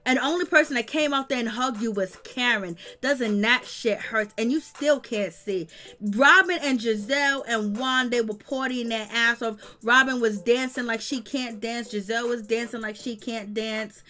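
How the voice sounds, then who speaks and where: A woman's voice: fairly high pitch, moderate pace, pushed and bright. A woman giving blunt, slangy, scolding commentary on reality TV. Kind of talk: casual commentary.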